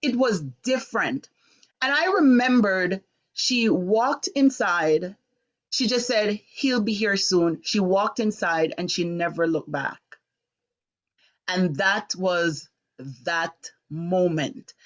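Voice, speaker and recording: A middle-aged woman from Jamaica hosting a live talk stream, telling a personal story with lively, indignant delivery. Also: fairly low pitch, takes it slowly, muffled recording. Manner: animated, acts out voices in quotes, rising to sharp indignation. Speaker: host of a live talk show.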